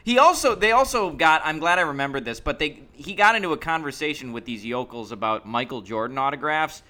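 Man, podcast co-host, bright clear voice, animated joking storyteller, casual chat. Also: a little high, fairly quick. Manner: animated, joking anecdote-telling.

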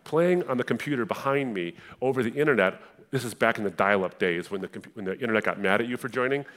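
Preaching his own testimony with passion, a young Middle Eastern man swings from quiet intensity to fiery outbursts. He speaks quickly in a medium-pitched voice.

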